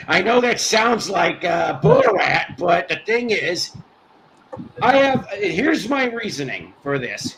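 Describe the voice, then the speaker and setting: Guy hosting a live stream, high bright voice, ranting and fed up, keeps restarting. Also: big pitch swings, takes it slowly, a little hiss or hum, rough recording. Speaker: host. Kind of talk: casual live-stream chat.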